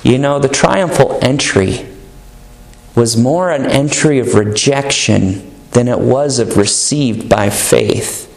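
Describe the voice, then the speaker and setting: A man's voice: medium pitch, slow pace, vocal fry. A male pastor preaching a sermon in an earnest, emphatic manner, stretching out key words. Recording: echoey room.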